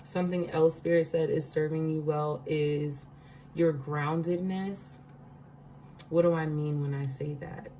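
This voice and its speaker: A woman's voice: deep voice, fairly even intonation, unhurried, warm tone, a little hiss or hum, low-quality recording. A woman giving a casual spiritual card reading, chatty, laughing often and checking in with her listeners.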